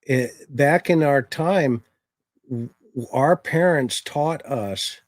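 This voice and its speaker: Older male guest, folksy and fatherly, mid-pitched voice, dry close sound. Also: takes it slowly, no room sound. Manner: folksy, steady storyteller, fatherly. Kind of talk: casual chat.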